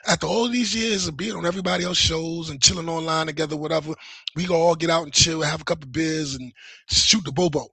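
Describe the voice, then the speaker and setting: A man hosting a livestream, ranting in a heated, profane, animated way. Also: fairly high pitch, fast, gravelly, breathy edge, dry recording. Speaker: livestream host. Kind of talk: casual livestream rant.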